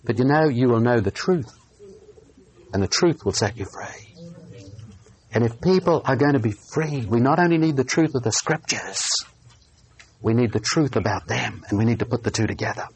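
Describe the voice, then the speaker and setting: A man preaching a sermon, telling a personal story in an earnest way and slowing down on key phrases. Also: medium pitch, husky.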